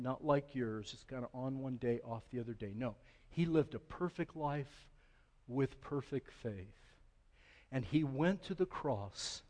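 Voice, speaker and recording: A man preaching a sermon as pastor, moving from quiet, deliberate phrasing to loud, impassioned delivery. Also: medium pitch, big-room sound.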